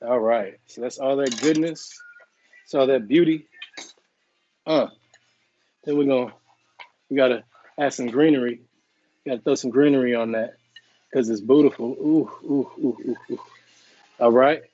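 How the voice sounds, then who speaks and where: On his live cooking stream, this man tastes dishes on camera, chats loosely, and offers viewers playful apologies. His mid-range voice has a dark tone and moves at normal speed with long pauses, captured in dry, dull lo-fi audio.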